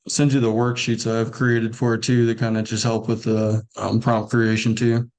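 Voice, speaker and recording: A man with a mild Southern US accent speaks quickly and politely, the drawl softened and in between. He sounds friendly and easygoing over a video call. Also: medium pitch, level tone. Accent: mild Southern US, partly softened. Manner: talks fast, friendly and polite. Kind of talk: casual video call chat.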